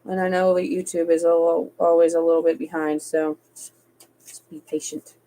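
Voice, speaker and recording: A woman's voice: lowish voice, little pitch movement, moderate pace, mellow, rough recording. A woman doing a live-streamed tarot reading, reading card texts aloud evenly and slipping into casual, chatty asides. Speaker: tarot reader.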